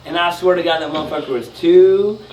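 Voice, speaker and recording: A man's voice: a little high, brisk, lo-fi sound. A man telling a rowdy, profane story, laughing as he acts out the people in it. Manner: profane, laughing, animated retelling. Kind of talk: casual storytelling. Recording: roomy, distant mic with faint noise.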